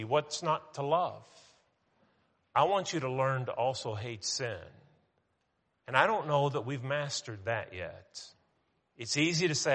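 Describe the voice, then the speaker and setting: Bright-voiced preacher in a reverberant hall. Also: male voice, medium pitch. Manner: conversational preaching with restarts and pauses for emphasis. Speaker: pastor. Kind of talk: sermon.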